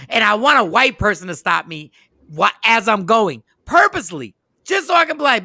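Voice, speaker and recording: A high-pitched man with a gravelly edge hosts a casual talk show. His tone is bright and sharp, and the recording is close and dry. He tells stories with lots of animation and acts out each scene. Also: a little fast, dry recording. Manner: animated storyteller, acts out scenes, laughs often. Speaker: podcast host. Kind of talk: casual chat.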